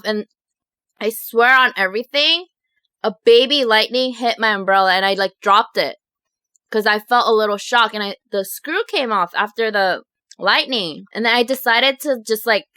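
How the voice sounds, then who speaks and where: A young woman vlogger telling a story to her viewers in a chatty, animated way, full of fillers. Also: mid-range voice, clear, resonant tone, no echo, clean studio sound. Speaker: mukbang vlogger.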